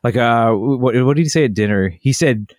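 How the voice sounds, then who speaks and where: Relaxed man chatting on a podcast. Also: mid-range voice, normal speed, no echo, studio quality. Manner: relaxed, fond, with frequent fillers and restarts. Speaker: podcast co-host. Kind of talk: casual chat.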